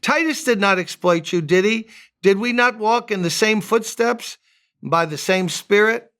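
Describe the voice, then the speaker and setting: A man with a rather high, smooth and resonant voice gives a devotional sermon as a pastor. He keeps it casual and conversational, with joking asides, and reads scripture passages aloud between them. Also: lively intonation, a little slow, a bit bright.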